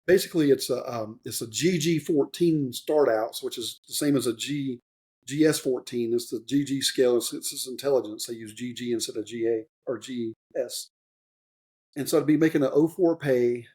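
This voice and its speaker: At a moderate pace, a man in his fifties speaks with a medium-pitched, darkish voice about his years as an Army warrant officer. As a podcast guest he rambles with frequent fillers and restarts, earnest and emotionally open.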